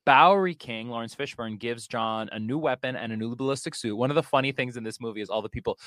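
A man talking through a movie plot in an easy, rambling way, full of ums and dry sarcastic jokes. His voice sits at an ordinary middle pitch. The sound is close and dry, with no room around it. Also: fast talker, fairly bright tone, dry recording. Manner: chatty, sarcastic, filler-heavy storytelling. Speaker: podcast host recapping a film. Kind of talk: casual chat.

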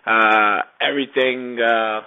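Halting man on a lo-fi line. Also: mid-range voice, steady tone, sharp tone, clear, resonant tone. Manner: halting, many restarts and fillers. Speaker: podcast guest. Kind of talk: casual conversation.

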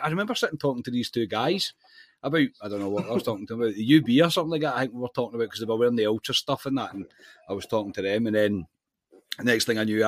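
A Scottish man co-hosting a football podcast, animated and chatty, dropping "mate" into nearly every sentence. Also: fairly low pitch. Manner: animated storyteller, says "mate" constantly. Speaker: podcast co-host. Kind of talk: casual football chat.

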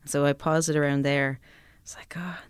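A woman's voice: sits low, level tone, a little fast, clear, resonant tone, no room sound, clean studio sound. A young woman telling candid stories in casual chat as a guest reviewer, swearing freely.

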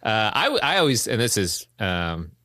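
A man co-hosting a podcast in casual chat, agreeable and quick to laugh along. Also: on the low side, sing-song, pushed and bright, no room sound, clean studio sound.

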